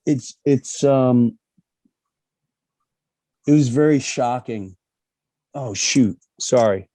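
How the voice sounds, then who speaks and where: Middle-aged man with a dark, dry voice. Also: medium pitch, extremely slow, dry recording. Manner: animated storytelling, acts out quoted voices. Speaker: comedian interview guest. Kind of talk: casual interview talk.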